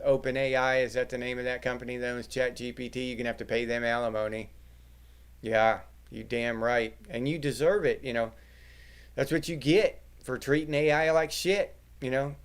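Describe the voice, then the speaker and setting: Smooth and medium in pitch, this middle-aged livestream host reads his chat aloud and chats casually with viewers. His humor is crude, and he swears plenty.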